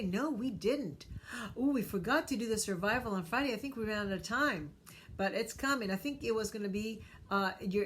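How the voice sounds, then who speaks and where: A woman therapist hosting a casual live stream, greeting viewers by name with lots of fillers. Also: mid-range voice.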